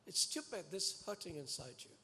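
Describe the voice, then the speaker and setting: Man, sermon, earnest preacher, fairly high voice, long hall reverb. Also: normal speed. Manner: earnest and animated, pleading and exhorting the congregation.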